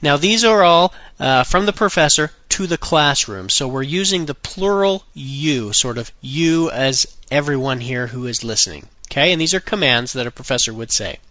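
A man teaching a recorded language lesson, saying phrases slowly and clearly and repeating them for drills, with the occasional dry aside. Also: fairly high pitch, animated, sharp tone, highs cut off.

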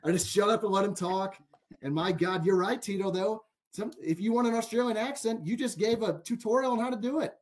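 A man's voice: high-pitched, fairly quick. A man hosting a sports betting podcast, chatty and amused, telling stories and filling gaps with "like". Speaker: podcast host. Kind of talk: casual sports betting chat.

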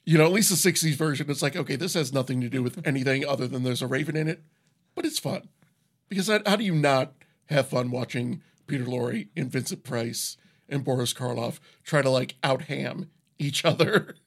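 A man's voice: mid-range voice, brisk. A man co-hosting a casual podcast chat, talking loosely with lots of filler words and frequent laughter. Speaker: podcast co-host. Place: recording studio.

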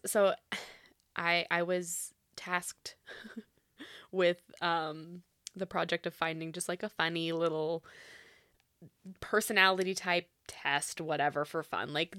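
A woman's voice: on the low side, slow, bright, forceful tone, no echo, studio quality. A young woman hosting a casual chat, talking loosely with lots of fillers and laughing often. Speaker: podcast co-host.

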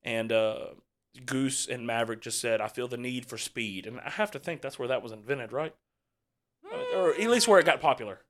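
A man hosting a casual movie reaction chat, talking in a rambling, halting way with lots of fillers and restarts. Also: mid-range voice. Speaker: host leading a movie reaction.

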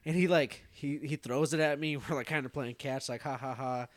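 A man's voice: on the high side, fairly quick, no echo. A man casually telling a story to friends on a podcast, rambling, swearing and laughing. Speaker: podcast co-host.

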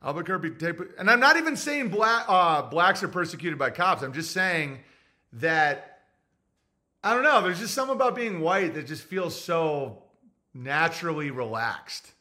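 High bright guy rambling crude jokes on his podcast, reads listener notes out loud. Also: very animated, a little slow. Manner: reads listener messages aloud. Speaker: podcast host. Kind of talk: casual comedic rant.

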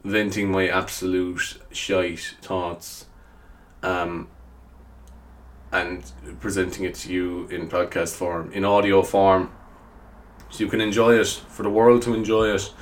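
A man rambles through a solo podcast, chatting away about whatever pops into his head. He mocks himself, swears freely and keeps calling his listeners lads. His voice sits fairly low for a man. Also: little pitch movement, slow pace. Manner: self-mocking, chatty, swears casually. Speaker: podcast host.

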